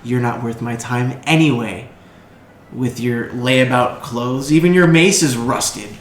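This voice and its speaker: A man's voice: mid-range voice, reverberant, slight background noise, natural voice. A man voicing Bakaris the Younger, an arrogant young nobleman who insults shopkeepers, in a tabletop game. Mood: sneering. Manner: snide, insulting, drawn-out delivery. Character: arrogant young male noble, sneering bully.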